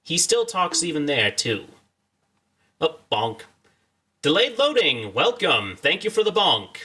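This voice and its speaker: A man's voice: on the high side, big pitch swings, measured pace, bright, forceful tone, husky. A young man streaming a video game, joking and rambling as he chats to his viewers in a casual way. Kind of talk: casual let's-play commentary.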